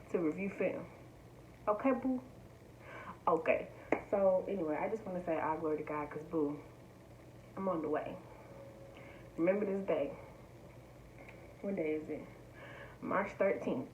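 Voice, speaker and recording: A young woman chatting excitedly and directly to her viewers in a casual unboxing vlog. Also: fairly low pitch, highs cut off, a little hiss or hum. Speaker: vlogger. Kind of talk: casual unboxing chat to camera.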